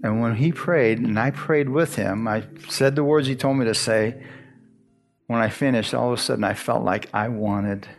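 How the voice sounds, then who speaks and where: A man's voice: mid-range voice, normal speed, creaky, soft background music. A man in his sixties from Arizona giving a folksy church testimony, chuckling often and restarting his words as he tells the story.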